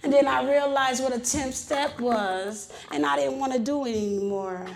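Woman with a high voice, recovery-meeting testimony, informal and animated, loud then soft. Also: normal speed, gravelly, noisy background. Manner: informal, colloquial grammar.

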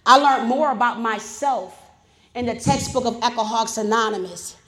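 Woman with a high voice, recovery-meeting testimony, informal and animated, loud then soft. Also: moderate pace. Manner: informal, colloquial grammar.

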